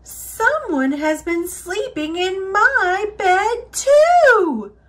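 A woman's voice: extremely high pitch, sing-song, extremely slow, a bit bright, pitched above the performer's own voice, exaggerated voice. A woman voicing a fussy middle-sized female mama polar bear in a storybook, huffing and growling. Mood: crying out. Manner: huffy, growling.

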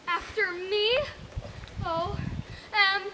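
Woman as cowardly male lion: very high, jumpy, suspicious; noisy live stage tape. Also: steady tone, drawn-out words, exaggerated voice. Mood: panicky. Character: timid paranoid male lion, easily panicked. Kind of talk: improvised stage comedy scene. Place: theatre camp stage.

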